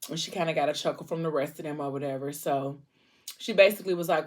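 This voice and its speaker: A woman's voice: sits low, fast. A woman vlogger casually retelling a book plot between bites and acting out the dialogue. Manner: conversational, with fillers. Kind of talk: casual storytelling while eating.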